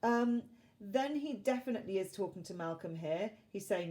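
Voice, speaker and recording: Woman teacher, mellow voice, dry measured lesson on a play. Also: medium pitch, lively intonation. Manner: plain, measured, lightly dry delivery with fillers. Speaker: English literature teacher. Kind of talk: explaining a play line by line.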